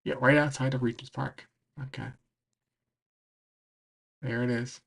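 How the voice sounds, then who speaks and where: A man rambles through a casual travel recap as a streamer, his voice slipping away as he talks. The tone is rough and breathy, with a gravelly catch at the bottom. He leans on "like" and "um" throughout. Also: mid-range voice, flat delivery, unhurried, fairly bright tone. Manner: rambling, full of "like" and "um". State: losing his voice. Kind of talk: casual recap while browsing a map.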